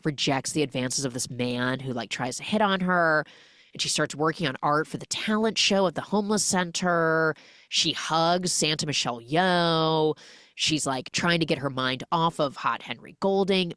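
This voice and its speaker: A woman hosting a podcast, recapping a film in an animated, jokey way full of 'like'. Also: sits low, dry recording, studio quality. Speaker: podcast host.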